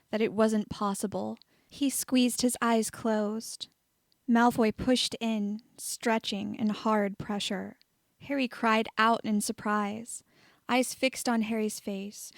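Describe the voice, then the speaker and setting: A woman's voice: fairly high pitch, no room sound. Woman reading a story, dry close sound. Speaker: audiobook reader of fan fiction. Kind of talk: reading fiction aloud.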